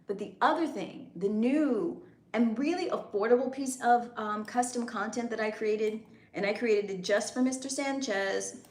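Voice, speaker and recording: A woman's voice: a little high, normal speed, roomy sound. A woman hosting a casual livestream, hyped and chatty, talking straight to her viewers. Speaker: livestream host and content creator. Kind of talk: casual live chat.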